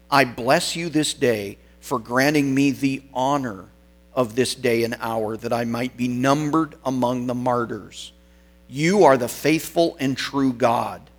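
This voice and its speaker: A man voicing a calm, unshakable old bishop. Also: mid-range voice, lightly acted. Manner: clear, firm, solemn. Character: aged male bishop facing death, calm and unshakable.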